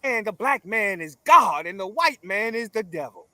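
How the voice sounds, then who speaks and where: High-voiced forceful man, preaching cadence. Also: animated, normal speed, no echo. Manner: forceful, emphatic, preaching cadence with repeated phrases; profane, blunt. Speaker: interview guest. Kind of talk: confrontational conversational interview.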